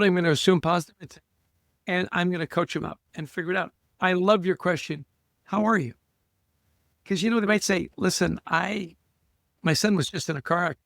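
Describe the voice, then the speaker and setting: High gravelly male podcast host. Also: no room sound, studio quality. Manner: enthusiastic, coaching tone, runs the quick-fire questions. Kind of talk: casual interview chat.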